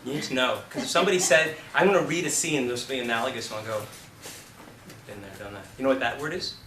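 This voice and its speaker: A man teaching an acting class, talking casually and telling lively stories with the odd curse. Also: medium pitch, very fast, a little hiss or hum. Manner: chatty, animated storytelling with profanity. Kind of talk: classroom lecture with anecdotes. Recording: roomy classroom from a distance.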